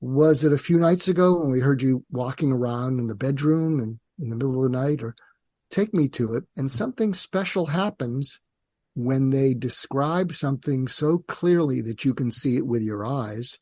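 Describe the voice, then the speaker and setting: An older man, a psychiatrist guest, explaining calmly and in a measured way in an interview, sometimes acting out dialogue. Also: mid-range voice, dry recording, studio quality. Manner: calm, measured, acts out parent and teen dialogue.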